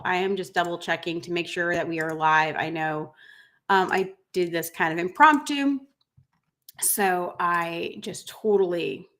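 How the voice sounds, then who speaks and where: A woman hosts a casual livestream as a business coach for pet groomers. Her voice sits slightly low. She talks in an emotional, rambling way, full of fillers and restarts. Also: fairly bright tone. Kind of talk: casual livestream chat reading viewer comments.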